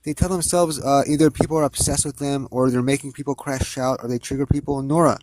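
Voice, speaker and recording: A man's voice: mid-range voice, steady tone, fast talker, darkish tone, no room sound. A man arguing insistently as a guest in a casual live debate. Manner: insistent, argumentative.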